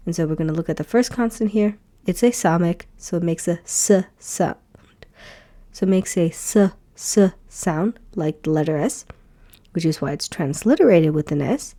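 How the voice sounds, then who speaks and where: Patient woman teaching, mellow and low. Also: expressive. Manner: patient, repeats sounds slowly. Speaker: Hebrew teacher. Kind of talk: beginner lesson narration.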